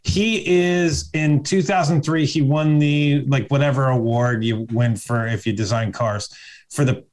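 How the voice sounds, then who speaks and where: A man's voice: medium pitch, steady tone, unhurried, a little mellow. A man hosting a movie podcast in casual, rambling chat with wry asides. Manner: rambling, lots of fillers, wry. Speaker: podcast host.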